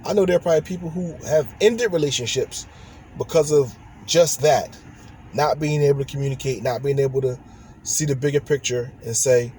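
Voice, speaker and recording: A man talks earnestly into the camera from a parked car, rambling along with restarts as he gives relationship advice. His voice sits at a middle pitch, and faint car and road noise hums behind him. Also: brisk, a little mellow. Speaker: vlogger giving relationship advice. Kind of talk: casual direct-to-camera talk.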